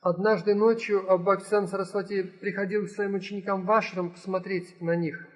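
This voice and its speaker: A man interpreting a talk phrase by phrase, quick and with small restarts. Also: high-pitched, level tone. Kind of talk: consecutive translation of a talk.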